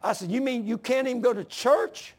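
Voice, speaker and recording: An older man preaching a sermon, swinging from shouting to hushed storytelling, with a gravelly, husky voice. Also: very high voice, fairly quick. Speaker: pastor.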